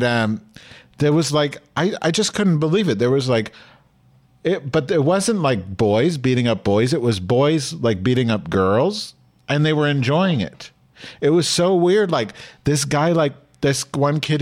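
A man's voice: medium pitch, normal speed. A man hosting a comedy show, telling rambling, crude stories in casual chat. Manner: rambling, crude and deadpan, with frequent fillers. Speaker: host.

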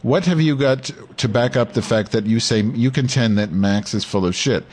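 A man's voice: mid-range voice, normal speed, darkish tone, slight background noise. A man hosting a live podcast, talking in a crude, profane, ranting way to his listeners. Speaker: podcast host. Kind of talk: live call-in podcast chat.

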